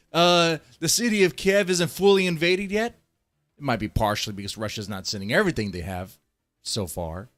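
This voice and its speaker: A man from Texas ranting on a livestream, profane and heated, swinging between loud outbursts and low muttering. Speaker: streamer. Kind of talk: livestream rant.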